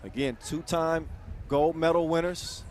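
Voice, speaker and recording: A man calling a basketball game live, quick and jokey, with excited bursts on big plays. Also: on the high side, a little hiss or hum. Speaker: play-by-play commentator. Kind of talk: live sports commentary. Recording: commentary over loud arena music and crowd.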